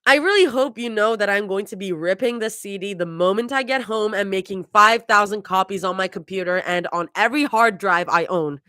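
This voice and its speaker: A woman's voice: medium pitch, fairly quick, few pauses, bright, forceful tone, no room sound, studio quality, natural voice. A woman reading aloud, voicing a bubbly, teasing young woman with a raised, chirpy voice. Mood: excited.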